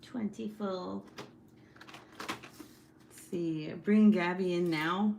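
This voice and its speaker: A young woman hosting a casual livestream, reading chat and teasing her sister with loud, swearing jokes and frequent laughs. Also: on the low side, fairly even intonation, drawn-out words, gravelly, a little hiss or hum. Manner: loud, joking, swears a lot, laughs often.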